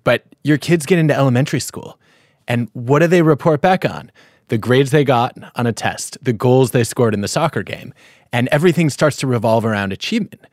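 A man's voice: medium pitch, fairly quick, darkish tone, dry recording, clean studio sound. A man hosting a podcast, telling a family story in a reflective way before asking his guest a question. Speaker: podcast host. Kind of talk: podcast conversation.

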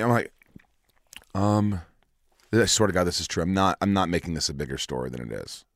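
Low-voiced man telling a story animatedly. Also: a little fast, no echo, studio quality. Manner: animated, acts out dialogue, swears freely. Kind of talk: casual storytelling chat.

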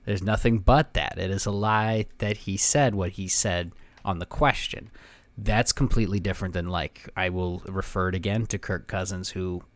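A man's voice: deep voice, moderate pace, no room sound. A man co-hosting a casual sports chat, telling his side in a laid-back, chatty way. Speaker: podcast co-host.

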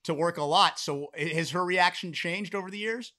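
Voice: mid-range voice, moderate pace, pushed and bright. A co-host asking an interview guest short follow-up questions. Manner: short encouraging backchannels. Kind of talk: casual interview.

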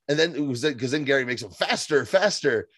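A man co-hosting a casual podcast recap, animated and profane, reading out viewer reviews and acting out scenes. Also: mid-range voice, brisk, dry recording. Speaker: podcast co-host.

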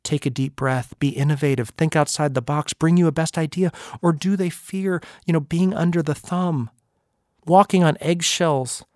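Man, podcast host, animated storyteller, slightly high voice, dry sound. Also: normal speed, no room sound. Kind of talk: anecdotal storytelling talk.

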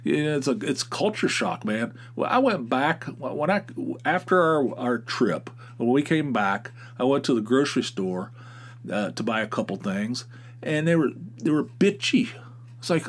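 A man from Pennsylvania hosts a podcast solo, meandering through a casual story. He talks with wry, profane asides and circles back on himself. His pitch sits in an ordinary middle range for a man. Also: animated, moderate pace. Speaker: podcast host.

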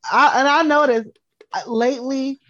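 A woman co-hosting a podcast in casual chat, thoughtful and measured in how she weighs things. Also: high voice, fairly even intonation, fairly bright tone, highs cut off. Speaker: podcast co-host.

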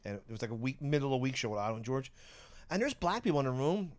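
A man rambling through comedy-club stories, halting and restarting, laughing often. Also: mid-range voice, very animated. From Philadelphia area. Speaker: comedian guest. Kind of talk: casual chat, storytelling.

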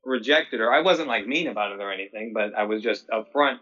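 Blunt deadpan young man. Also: fairly low pitch, a little fast, highs cut off. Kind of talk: casual improv chat.

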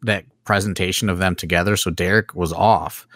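A man's voice: low voice, steady tone, a little fast, a bit bright, no room sound. A middle-aged man, a wrestling promoter, talking casually on a podcast, rambling with lots of fillers and swearing. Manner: rambling, heavy fillers and profanity.

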